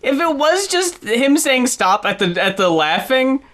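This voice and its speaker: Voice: high-pitched, big pitch swings, measured pace, a bit bright. A co-host of a casual album review podcast, laid-back and joking dryly.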